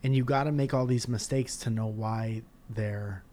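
A male podcast host in casual conversation, spinning animated stories. He swears freely and throws in jokes as he rants. His talk is loose and expressive. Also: lowish voice, moderate pace, slight background noise. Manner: animated storytelling, profane and jokey. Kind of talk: casual chat.

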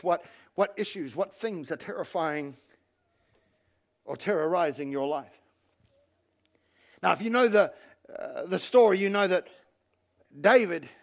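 A male pastor giving an animated sermon and calling on the congregation to respond. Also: a little high, gravelly. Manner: animated preaching, calls on the congregation.

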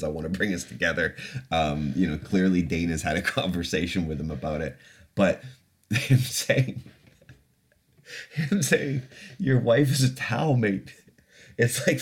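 Male podcast host with a very low voice, loose, chatty, laughs a lot. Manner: swears casually. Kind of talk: casual podcast chat.

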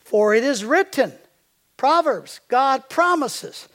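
A man's voice: very high-pitched, animated, takes it slowly, a bit bright. An older man preaching a sermon as a pastor. He tells stories and quizzes the congregation with fill-in-the-blank questions.

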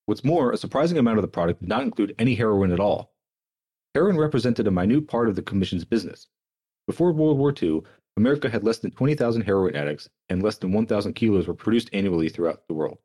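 Fast-talking husky young man reading notes. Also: fairly low pitch, lively intonation, mellow. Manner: quick, sardonic, swears in asides. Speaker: podcast host. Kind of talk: reading history notes aloud with casual asides.

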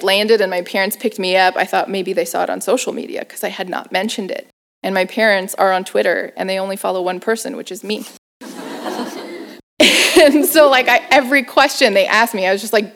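A woman telling a personal story in an interview, animated, laughing often and using lots of fillers. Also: medium pitch. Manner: acts out family members' voices. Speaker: guest performer.

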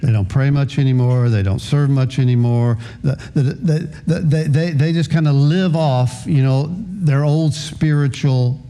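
Slow, halting older male pastor. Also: mid-range voice, dark tone. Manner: slow, halting delivery with many repeated words. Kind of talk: sermon.

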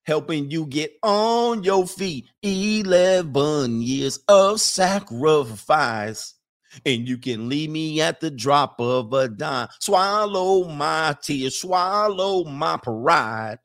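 A man voicing a bitter woman who drags out her complaint about years of sacrifice in a slow lament. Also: fairly high pitch, lively intonation, a bit bright, exaggerated voice. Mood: aggrieved.

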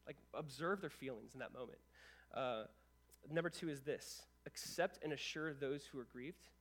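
A young adult male pastor delivering a sermon in an animated, conversational way, with quick asides to the congregation. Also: mid-range voice.

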